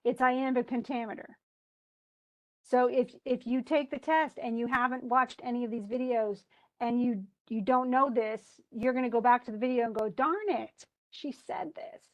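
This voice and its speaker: A woman's voice: fairly high pitch, fairly even intonation, moderate pace, muffled recording. A middle-aged woman teaching a classroom lesson on poetry meter, chatty and thinking aloud as she corrects herself.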